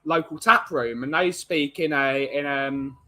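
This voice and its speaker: A man's voice: fairly high pitch, a little slow, pushed and bright. A man from England hosting a casual live-stream podcast, rambling chattily and greeting chat viewers by name.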